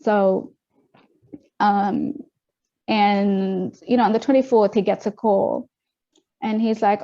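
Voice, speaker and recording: A young adult woman from Australia, a guest telling her story in a casual interview, animated and quick, acting out what others said. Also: fairly high pitch. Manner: animated, quick retelling with acted-out quotes. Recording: dull lo-fi audio.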